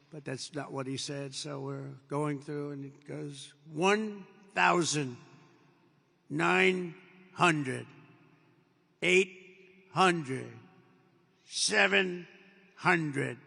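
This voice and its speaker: A man's voice: on the high side, vocal fry. An older man from the United States gives a rambling, off-the-cuff speech to troops, telling a story with many superlatives. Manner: meandering storytelling, repeats superlatives, acts out dialogue. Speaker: president addressing troops. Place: large air base venue. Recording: long reverb of a large hall.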